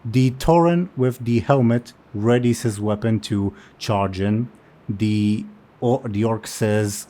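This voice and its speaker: A man narrating a tabletop game as game master, unhurried and halting with many fillers. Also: on the low side, fairly even intonation, dark tone.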